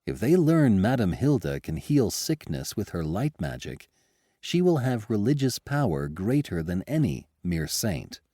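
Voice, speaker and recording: A man voicing a calm, grave male royal advisor who speaks quietly and deliberately. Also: lowish voice, no echo, clean studio sound.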